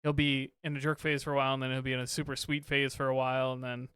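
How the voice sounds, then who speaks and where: A man's voice: medium pitch, level tone, fast, fairly bright tone, smooth, no room sound, clean studio sound. A man in his thirties, a father and podcast co-host, chatting casually with lots of fillers and restarts. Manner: rambling, many fillers and restarts. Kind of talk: casual chat.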